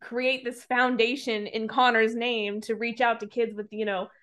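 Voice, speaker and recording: A woman's voice: on the high side, level tone, normal speed, a bit bright. A woman on a podcast retelling a movie plot in casual chat, rambling with lots of fillers and some swearing. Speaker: podcast co-host reviewing a movie.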